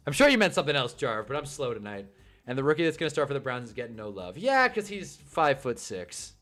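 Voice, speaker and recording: A man's voice: mid-range voice, sing-song, fairly quick, a bit bright, soft background music. A young man hosting a casual live stream, ranting about football and reading chat comments, swearing and laughing often. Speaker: livestream host reading chat.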